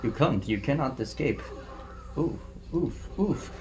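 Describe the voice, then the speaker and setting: A man's voice: medium pitch, animated, slow pace, a little mellow. A man joking and teasing his friend while they play a video game together. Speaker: gaming co-host. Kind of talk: casual let's-play banter.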